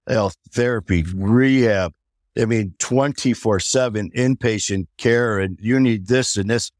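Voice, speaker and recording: A man's voice: mid-range voice, measured pace, a little mellow, dry recording, studio quality. A man, a podcast guest, telling a personal recovery story and acting out the dialogue of the people in it.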